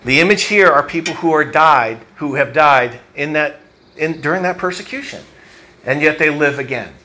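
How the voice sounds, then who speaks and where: A male pastor gives a sermon in a church, his voice slightly high for a man and bright, with a forceful edge. He speaks conversationally, reflecting aloud and working through his thoughts with fillers and restarts. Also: moderate pace.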